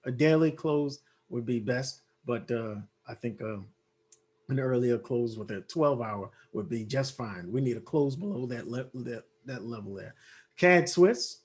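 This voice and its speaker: A man's voice: mid-range voice, moderate pace, darkish tone. A man walking viewers through trading charts in a casual way, thinking aloud with many fillers and restarts, his voice worn from losing it. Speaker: forex trading analyst.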